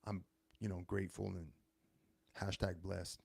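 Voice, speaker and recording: Man, thirties, host, casual rambling talk, self-correcting, gravelly, lowish voice. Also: little pitch movement, unhurried, a little mellow, no room sound. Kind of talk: casual monologue.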